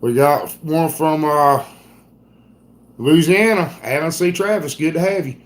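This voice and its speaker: A man's voice: fairly high pitch, unhurried. Easygoing chatty man hosting live. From Pacific Northwest. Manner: easygoing, chatty, greets viewers by name. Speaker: live show host. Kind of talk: casual live-stream chat.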